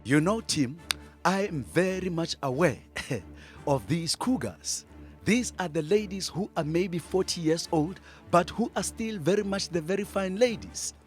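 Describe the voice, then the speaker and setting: A man's voice: sits high, faint music behind. An actor playing a boastful, crude older male politician with a voice, in a satirical puppet sketch. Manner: pompous, drawn-out, chuckling.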